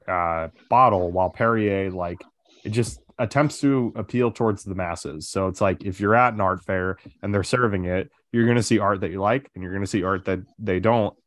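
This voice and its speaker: Low-voiced man chatting on a podcast, dry mic. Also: no room sound. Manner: relaxed, filler-heavy, many "like" and "uh". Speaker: podcast host. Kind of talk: casual chat.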